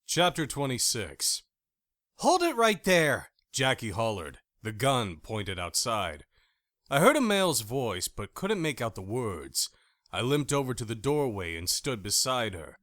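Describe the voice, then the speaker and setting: A man narrating a first-person audiobook in an expressive, animated reading style on a close studio mic. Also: medium pitch, measured pace, no room sound.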